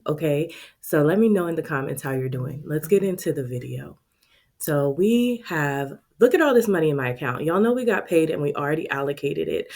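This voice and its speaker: Low-voiced expressive woman vlogger. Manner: expressive, talks straight to viewers with lots of "y'all". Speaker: budgeting vlogger and channel host. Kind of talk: casual chatty vlog.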